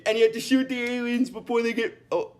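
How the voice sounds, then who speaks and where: A man's voice: very high voice, fairly even intonation, quick pace. A man recapping a cartoon episode in a casual, rambling way, with many restarts and fillers and bursts of giggling.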